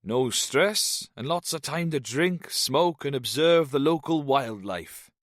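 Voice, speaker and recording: A man voicing a jovial fifty-something Welsh man who talks in a slow, lilting way. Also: medium pitch, expressive, no room sound, clean studio sound, voice pushed up. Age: 50s. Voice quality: lilting, slow after drinks. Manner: hearty, chatty.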